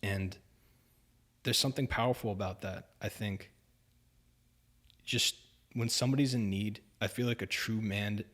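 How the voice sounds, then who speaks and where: A young podcast guest with a fairly low, slightly bright voice tells a story a little slowly, with long pauses. He rambles casually, leaning heavily on fillers like "like" and "dude."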